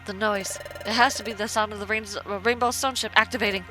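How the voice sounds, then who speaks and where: A woman's voice: mid-range voice, steady tone, fast, sharp tone. A woman streamer playing a game live and reading its dialogue aloud with feeling. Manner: emotional, reads game lines with feeling. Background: game music.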